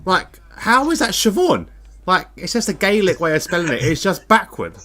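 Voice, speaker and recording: A man's voice: sits high, sing-song, normal speed, sharp tone. A man co-commentating a live online racing league, laid-back and self-mocking, laughing at himself often.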